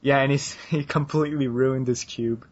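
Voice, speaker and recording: Here a male podcast co-host keeps things casual, rambling with lots of fillers and laughter. His mid-range voice has fairly even intonation and normal speed. The sound is dull and lo-fi.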